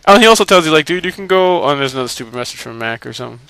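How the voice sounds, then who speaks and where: A man riffs through gameplay commentary, laughing often and swearing freely as he mocks the characters. His voice is bright and crisp, recorded dry and close. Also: medium pitch, big pitch swings, racing, no room sound. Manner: profane, laughing, mocking the characters. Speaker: video game let's-play commentator.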